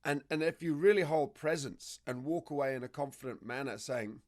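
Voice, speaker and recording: A man explaining dog behavior as a trainer, telling lively stories and acting out what dogs and owners say. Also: medium pitch, fairly quick. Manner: animated storytelling, acts out dog and owner voices. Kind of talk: conversational explanation.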